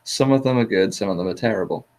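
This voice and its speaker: A man's voice: fairly low pitch, fast, a little mellow. A man hosting a casual chat, rambling with hesitant fillers and laughing often. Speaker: podcast host.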